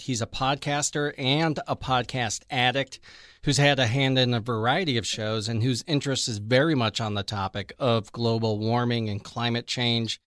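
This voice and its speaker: A man's voice: medium pitch, a bit bright, dry recording, studio quality. A man hosting a podcast, talking earnestly and laughing easily. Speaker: podcast host. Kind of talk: casual podcast chat.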